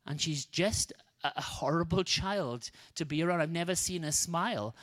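A man's voice: fairly high pitch, normal speed. A man preaching a sermon, telling a healing story and acting out the people in it. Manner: animated, acts out the quoted people. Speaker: guest preacher.

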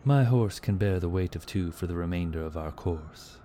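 A man voicing a cold, terse male warden who speaks in clipped, forceful lines. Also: sits low, moderate pace, slight background noise, close to an everyday voice.

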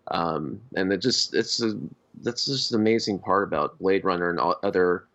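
A man co-hosting a podcast, talking about films in a halting, hesitant way. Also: low-pitched, a bit bright. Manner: halting, full of fillers and restarts. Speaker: podcast co-host. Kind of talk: casual film discussion. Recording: dull lo-fi podcast audio.

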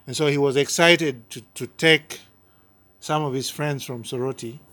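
A man's voice: mid-range voice, steady tone, normal speed, sharp tone, no echo. A man from Uganda, a pastor giving his personal testimony in an interview, speaking earnestly and often repeating or restarting his words.

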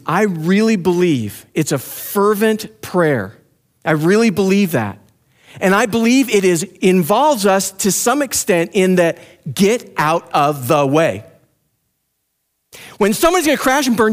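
A man preaching a passionate, pleading sermon, who drops to a soft, low voice when he prays aloud. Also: big pitch swings, measured pace. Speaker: pastor.

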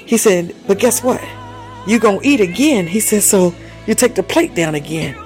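Man preacher, high voice, fervent sermon with laughter and tongues, light music under. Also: expressive, moderate pace, darkish tone. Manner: exhorting, laughing, breaking into tongues. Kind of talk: fiery sermon.

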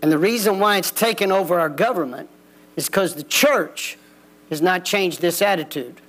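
A man's voice: sits high, normal speed, fairly bright tone. A man preaching a folksy, plain-spoken sermon in a church. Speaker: pastor. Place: church sanctuary.

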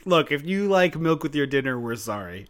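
Bright, higher-voiced chatty man. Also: sing-song, moderate pace. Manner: chatty, laughs often, loose retelling. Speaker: podcast co-host. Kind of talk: casual chat.

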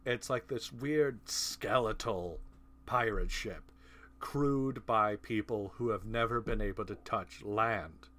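A man hosting a casual podcast talk about movies, animated and laughing, with profane asides. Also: on the low side, slow. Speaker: podcast host. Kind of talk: casual film discussion.

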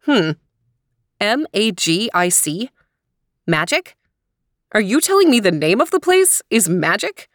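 A woman voicing a practical, skeptical mother in a storybook, slightly raised in pitch. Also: big pitch swings, unhurried, long pauses, no room sound, clean studio sound. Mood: exasperated. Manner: skeptical, exasperated. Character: practical, doubtful mom.

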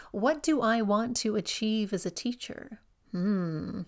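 A woman in her forties hosts a solo podcast for fellow yoga teachers. She speaks in a reflective, encouraging way and keeps turning questions back to the listener. Her voice sits at a middle pitch for a woman. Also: takes it slowly.

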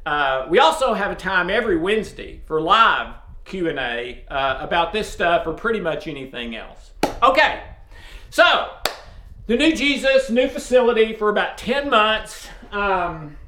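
A man from East Tennessee with a strong Southern accent, casually and loudly addressing viewers as host of a faith video series. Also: sits high, big pitch swings, unhurried. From East Tennessee, USA. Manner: loud, speaks up forcefully. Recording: roomy echo.

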